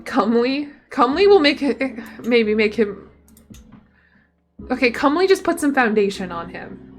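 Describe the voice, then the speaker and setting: A woman's voice: fairly high pitch, sing-song, normal speed. Chatty woman streaming a strategy game. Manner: chatty, playful, reads game text aloud. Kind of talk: casual gameplay commentary. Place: home room. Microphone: desk mic.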